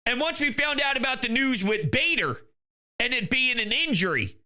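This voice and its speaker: A young man with a very high, piercing, tense voice hosts a sports talk show. He rants in heated, exasperated bursts and often breaks into shouting. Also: big pitch swings, normal speed. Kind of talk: ranting sports commentary.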